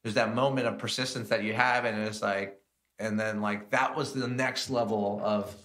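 A man with a bright, forceful voice and a low register tells his kitchen stories. He talks loosely and with energy, full of fillers and asides. It sounds like a relaxed podcast chat. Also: normal speed. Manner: animated, slips into lively acted-out voices in his stories. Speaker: guest chef and entrepreneur. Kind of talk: casual storytelling interview.

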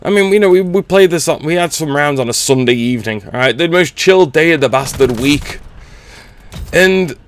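A man's voice: on the high side, animated, normal speed, a little hiss or hum. A middle-aged man gives a blunt, sweary rant as gameplay commentary. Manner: sweary, blunt, exasperated ranting. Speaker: gaming channel host.

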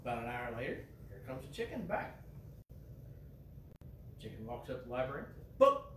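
Folksy pastor in an echoey church. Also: male voice, medium pitch, fairly quick, a little hiss or hum. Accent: Midwestern American. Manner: relaxed, homespun, fond of "you know". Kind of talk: folksy joke and church announcements. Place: church sanctuary. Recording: echoey church heard from a distance.

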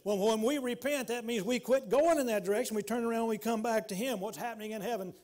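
Man, pastor, fairly high voice, emphatic sermon, loud then hushed. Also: fast, few pauses. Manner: emphatic preaching, swinging from loud exclamations to hushed pleading. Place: church sanctuary.

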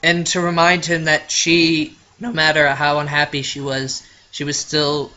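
A man's voice: on the high side, completely flat delivery, a little slow, sharp tone, lo-fi sound, a little hiss or hum. A man hosting a let's play, reading the game aloud and reacting with emotional, choked-up comments.

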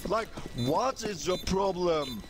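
Ranting man yelling over noisy voice chat. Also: high voice, animated, takes it slowly. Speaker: teammate in online game voice chat. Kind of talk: angry game voice chat.

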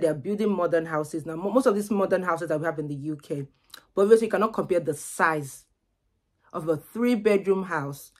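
A young woman, vlogging casually to camera and chatting in a loose, repetitive way. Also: medium pitch. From Nigeria. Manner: chatty, repeats words as she goes.

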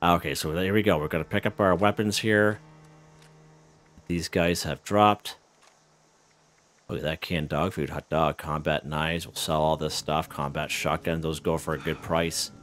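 Very deep-voiced man narrating gameplay. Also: unhurried. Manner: relaxed, chuckling, lots of fillers and restarts. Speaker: gaming channel host. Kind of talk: casual gameplay commentary.

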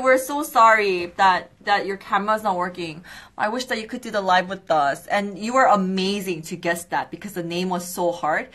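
A young woman hosting a live skincare quiz stream, bubbly and excitable, with quick apologetic asides. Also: mid-range voice. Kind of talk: casual live-stream chat.

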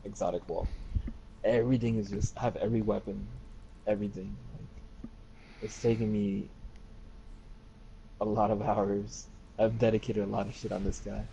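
A man chatting casually over game voice chat, relaxed and rambling, swearing now and then. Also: fairly low pitch, moderate pace, creaky, long pauses. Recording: dull lo-fi chat audio with faint noise.

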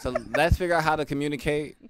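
A man co-hosting a podcast in casual, animated chat, often laughing and slipping into mock-formal lines. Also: a little high, quick pace. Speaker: podcast co-host.

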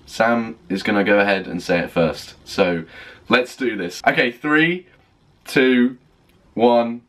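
A man reacting to an album on a first listen, gushing and excitable, stopping often to rave about what he hears. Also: fairly low pitch, takes it slowly. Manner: gushing, excitable, full of "oh my God" and "like". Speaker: music reaction vlogger. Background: faint music playing.

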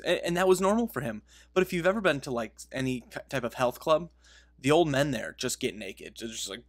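This man's voice runs on the high side at a normal pace as he makes game videos. His commentary is casual, wandering through a story with self-interruptions and laughter at how he's telling it.

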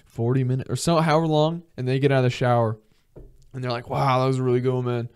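A young man hosting a podcast, ranting comedically with lots of swearing and quick acted-out mock dialogues. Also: mid-range voice, flat delivery, clear, resonant tone. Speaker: podcast host. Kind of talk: comedic solo rant.

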